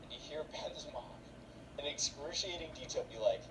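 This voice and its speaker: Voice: medium pitch, lively intonation, moderate pace, crowd noise, low-quality recording. A storyteller telling a funny story in a rambling, casual way, full of fillers.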